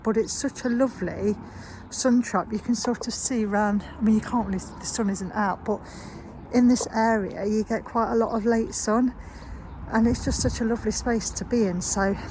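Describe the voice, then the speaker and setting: A woman's voice: medium pitch, darkish tone, low-quality recording. A woman vlogging outdoors in her courtyard garden, talking in a rambling, chatty way with lots of "um" and "sort of". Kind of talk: casual chatty vlog. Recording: outdoor recording with clear traffic noise. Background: passing road traffic.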